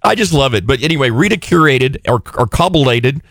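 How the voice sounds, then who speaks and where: A man's voice: mid-range voice, lively intonation, brisk, fairly bright tone, no room sound, studio quality. A male radio show host from Texas, chatting casually and joking with lots of laughter. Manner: laughing, jokey. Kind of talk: casual chat.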